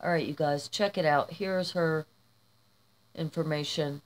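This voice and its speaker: A woman's voice: deep voice, fairly even intonation, measured pace. A woman vlogging as she opens gifts, gushing and emotional, crying happy tears. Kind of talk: casual vlog, opening gifts.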